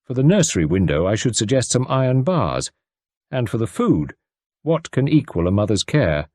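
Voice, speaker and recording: A man's voice: medium pitch, sing-song, normal speed, darkish tone, no echo, studio quality. A man reading aloud, voicing a precise, courteous Belgian detective who scatters French words through his speech.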